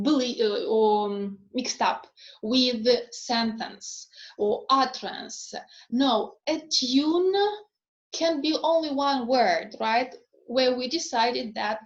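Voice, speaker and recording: A woman who is not a native English speaker, giving a lecture slowly and deliberately, with frequent ums and questions to her listeners. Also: a little high. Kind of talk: recorded phonetics lecture. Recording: echoey room, dull lo-fi sound.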